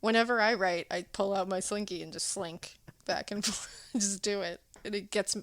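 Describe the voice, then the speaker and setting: A woman co-hosting a podcast in casual chat, telling the story with animated voices and frequent laughs. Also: medium pitch, normal speed, dry recording. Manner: animated storytelling, acts out characters, laughs often. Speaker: podcast co-host.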